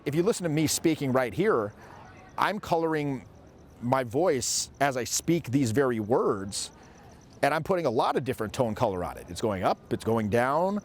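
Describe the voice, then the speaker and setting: A man's voice: medium pitch, a little hiss or hum. A man in his forties, a social skills coach, giving an emphatic instructional monologue and demonstrating vocal tones as he speaks.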